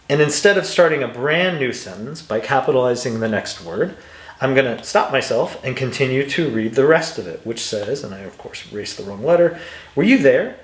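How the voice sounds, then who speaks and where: This is an instructional walkthrough on English punctuation, delivered by a man whose medium-pitched voice echoes around the room. He patiently goes through example sentences, voicing them with exaggerated intonation, and occasionally clears his dry throat.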